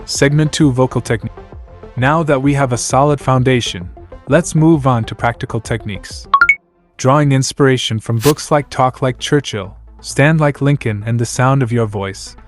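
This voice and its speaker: A man giving a scripted narration in a measured, announcer-like way, walking through numbered points. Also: mid-range voice.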